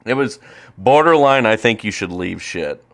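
A man's voice: lowish voice, expressive, moderate pace, creaky. A man co-hosting a casual podcast, rambling and swearing with lots of fillers while reacting to a baseball game. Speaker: podcast co-host.

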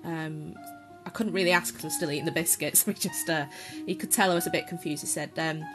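A woman's voice: low-pitched, steady tone, fast, few pauses, over music. A woman telling a casual, self-deprecating spoken anecdote as a guest storyteller. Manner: chatty, self-deprecating, laughs at her own story.

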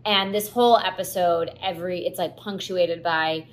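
Woman host, casual solo podcast, rambling and emotional, slightly low voice, faint room hum behind. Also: fairly even intonation, normal speed. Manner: chatty, filler-heavy, gets teary and laughs at herself.

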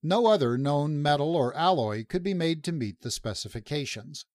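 A man reading a science fiction story aloud in a measured, even narration. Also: fairly high pitch, no echo, clean studio sound. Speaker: audiobook narrator. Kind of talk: scripted narration.

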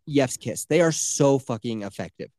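A young man telling a story in casual chat, animated and full of swearing. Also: mid-range voice, normal speed, slight background noise.

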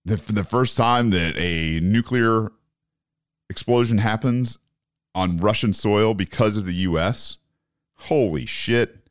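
A man's voice: on the low side, a little slow, dry recording, clean studio sound. A man hosting a political podcast, ranting in profane disbelief about current events. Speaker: podcast host. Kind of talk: opinionated political commentary.

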